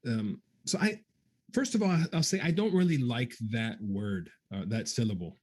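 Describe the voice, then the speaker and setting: A guest trombonist answers viewer questions in a relaxed, casual livestream Q&A, talking a musical question through at a middle, everyday pitch. He thinks aloud with frequent ums and restarts, scatting quick articulation syllables to demonstrate.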